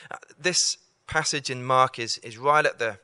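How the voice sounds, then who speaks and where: Bright-voiced man preaching earnestly. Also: mid-range voice, moderate pace, dry recording. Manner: earnest, repeats key lines for emphasis. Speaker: campus preacher. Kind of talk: evangelistic talk.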